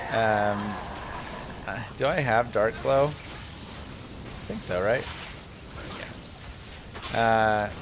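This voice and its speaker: A man's voice: fairly low pitch, background noise. A man casually chatting to his viewers while streaming a game, rambling and answering questions as he plays. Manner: rambling, chatty, talks to chat. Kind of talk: casual live-stream commentary.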